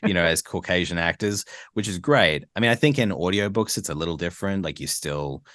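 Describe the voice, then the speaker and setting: A man from Australia, a guest voice actor, chatting in a relaxed podcast interview, laughing easily and restarting words as he thinks. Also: sits low, brisk, no room sound, studio quality.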